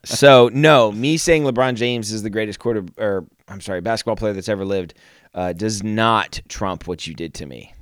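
A man co-hosting a podcast, telling a story in a casual, animated, self-mocking way. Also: on the low side, normal speed, clean tone, no echo, clean studio sound. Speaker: podcast co-host.

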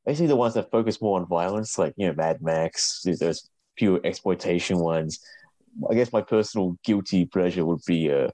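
Give me a deep-voiced, halting man, a critic guest. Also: warm tone, no room sound. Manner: halting, searching for words, laughs often. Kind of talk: casual film chat.

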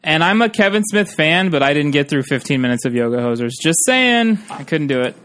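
A man's voice: fairly high pitch, animated, fairly quick, background noise. A man co-hosting a podcast in casual chat, rambling and hesitant as he recalls things. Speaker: podcast co-host.

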